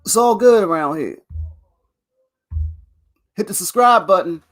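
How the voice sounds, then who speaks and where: A vlog host with a high-sitting, expressive voice talks at a measured pace in a casual rant to camera. He rambles and swears on his own channel, speaking straight to viewers and laughing between lines.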